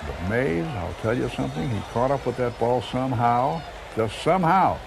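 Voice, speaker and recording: A man's voice: mid-range voice, expressive, moderate pace, gravelly, noisy background. A man, a sports broadcaster, recounting a famous play in a matter-of-fact, conversational way. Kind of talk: reminiscing storytelling.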